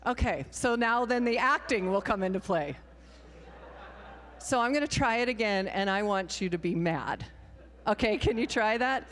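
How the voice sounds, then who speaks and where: A woman's voice: medium pitch, expressive, normal speed, fairly bright tone. Playful woman minister in an echoing sanctuary. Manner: playful, encouraging, improvising. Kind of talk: children's time in a worship service. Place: church sanctuary. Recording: long hall reverb in a sanctuary.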